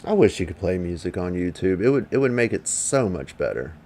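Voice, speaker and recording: A man's voice: sits low, sing-song, fairly quick, darkish tone. A man, streaming from home, rambles and swears as he chats casually with viewers. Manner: rambling, profane, talks back to viewers. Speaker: livestreamer. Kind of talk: casual livestream chat.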